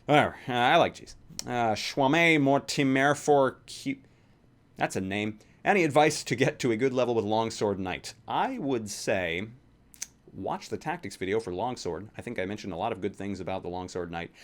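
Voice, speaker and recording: A man's voice: on the low side, lively intonation, moderate pace. A young man casually answering viewer questions in a rambling, offhand way, swearing here and there. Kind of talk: casual Q&A vlog.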